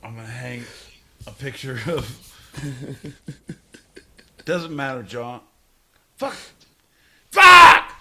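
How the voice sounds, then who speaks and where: A drunk man co-hosting a podcast, delivering a profane mock-angry rant with sudden shouted outbursts. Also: medium pitch, slow pace, long pauses, slight background noise. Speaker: podcast co-host. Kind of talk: casual chat.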